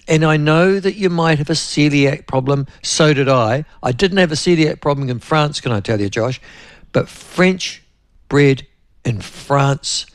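A man's voice: medium pitch, creaky, dry recording. A man with a New Zealand accent hosting a radio talk show, chatting in a rambling, anecdotal way and often turning to his co-host.

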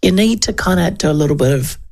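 Talk radio host, woman, 50s, New Zealand accent, gravelly, chatty and digressive. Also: fairly low pitch, expressive, quick pace, a little mellow. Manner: chatty, digressive, with frequent fillers and laughs. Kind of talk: casual political commentary.

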